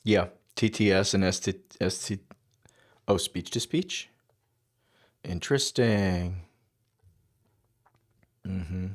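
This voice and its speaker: A man with a fairly low voice talks through his coding session, reading and reacting as he goes. He murmurs short asides and half-thoughts to himself in a relaxed, conversational way. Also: slow, pauses often. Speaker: developer livestreaming his coding. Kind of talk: casual thinking-aloud commentary.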